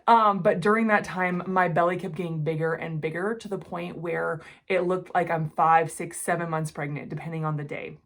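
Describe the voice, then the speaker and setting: A woman in her forties telling a personal story to the camera, earnest and emotional, often speaking quietly. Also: on the low side, steady tone, normal speed, few pauses. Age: 40s. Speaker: jewelry-making channel host.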